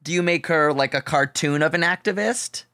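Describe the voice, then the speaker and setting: A man hosting a casual podcast chat, playful and quick to react with enthusiasm. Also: a little high, pushed and bright, no echo, clean studio sound.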